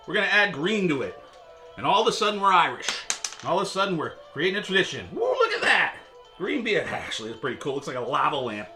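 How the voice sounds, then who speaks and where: Hosting a casual beer review video, this man has a bright, pushed voice on the high side. He's chatty and wry, joking and sarcastic, and fills his talk with plenty of filler words.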